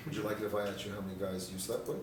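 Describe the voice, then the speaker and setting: His voice is lowish and level in tone, but he speaks very fast as he runs a live dating seminar Q&A, brash and profane, often joking and laughing. The seminar room has an audience, and the distant, echoey recording picks up their noise.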